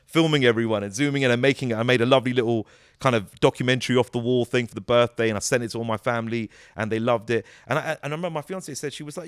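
A British man in his thirties, a comedy actor, chatting as an interview guest in an animated, storytelling way. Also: mid-range voice, rapid-fire. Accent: British English. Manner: animated, storytelling, many "you know"s. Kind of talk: casual interview chat.

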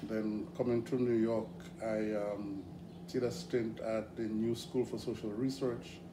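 A middle-aged man from Grenada with a Grenadian accent, guesting in a casual interview, telling stories in an animated way with frequent laughs. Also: on the low side, a little slow. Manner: animated, hesitant with fillers, laughs often. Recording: echoey room with background noise.

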